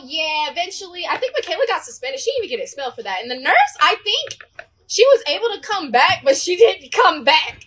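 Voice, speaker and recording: High, bright-voiced young woman telling a story. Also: brisk, slight background noise, rough recording. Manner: animated, acts out voices of people in the story. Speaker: storyteller vlogger. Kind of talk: casual storytime.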